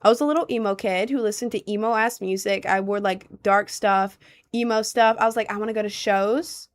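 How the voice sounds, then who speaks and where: A woman's voice: mid-range voice, brisk. Young woman just chatting on stream, lots of likes and ums, super casual and rambly. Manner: rambling, heavy use of "like" and "um". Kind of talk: casual chat, answering viewer questions.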